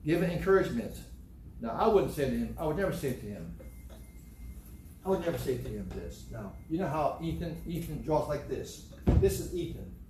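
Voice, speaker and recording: A man's voice: on the high side, moderate pace. An older man preaching a sermon, telling stories and acting out the quotes. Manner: animated storytelling, acts out quotes. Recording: echoey room, faint background hum.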